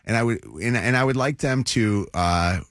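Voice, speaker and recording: A man hosting a radio show, chatting casually and telling animated family stories. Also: on the low side, normal speed, no room sound, studio quality. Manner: animated storyteller, acts out quotes.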